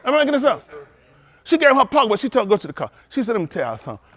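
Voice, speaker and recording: A man preaching a sermon as pastor, telling stories with lively calls out to his congregation. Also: extremely high pitch, racing.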